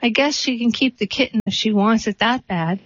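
A woman voicing a kindly, worried male neighbor from the countryside in a gentle, concerned way. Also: fairly high pitch, moderate pace, no room sound, natural voice. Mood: resigned, mild. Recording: dull dry recording.

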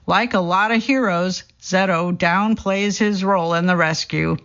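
A gravelly, fry-edged voice reads a true story as scripted narration, keeping a steady storytelling pace and folding the quotes into the same delivery. The recording sounds dull and lo-fi. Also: medium pitch, measured pace. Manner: steady storytelling read, quoting people in the same voice.

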